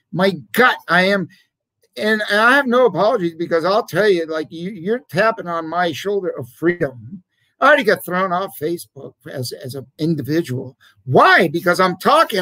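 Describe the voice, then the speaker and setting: A middle-aged man, a jewelry business owner, talking casually to camera in an animated, rambling, emphatic way. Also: high-pitched, dry recording, low-quality recording.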